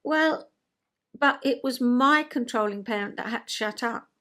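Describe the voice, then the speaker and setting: Older woman, vlogger, self-mocking and chatty, unhurried delivery. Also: on the high side, a bit bright. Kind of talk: reading a rhyming poem, then casual chat.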